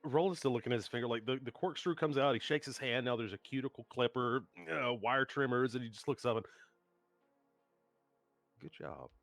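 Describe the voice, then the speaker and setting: A man with a mid-range voice narrating his character's actions quickly and deadpan. The sound is dry and close, with faint music behind. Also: mid-range voice, no room sound. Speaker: player.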